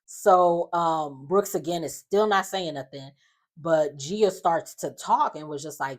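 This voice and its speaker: A woman's voice: sits low, normal speed. Sassy woman recapping reality TV. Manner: animated, sassy storytelling with slangy asides and laughter. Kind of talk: casual reality show recap.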